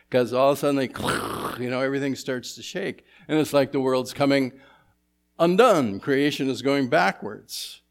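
A man preaching an expository sermon as pastor, asking his congregation rhetorical questions and moving between emphatic and hushed delivery. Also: medium pitch, expressive, moderate pace.

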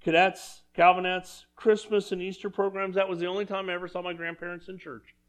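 A man's voice: high-pitched, flat delivery, a little fast. A man preaching a sermon in a church, talking conversationally and asking the congregation questions. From Southern California. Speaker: pastor.

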